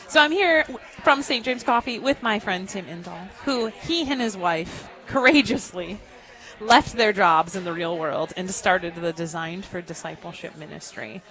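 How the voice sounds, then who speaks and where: A woman's voice: medium pitch, expressive, normal speed, fairly bright tone. A woman hosting a talk radio interview, gushing and chatty with lots of fillers. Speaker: radio show host.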